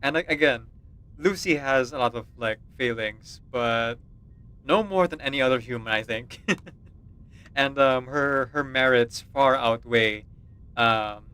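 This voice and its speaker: Male streamer, slow and unhurried, chatty and self-deprecating. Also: mid-range voice, bright, forceful tone, clear, resonant tone. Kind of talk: casual livestream chat.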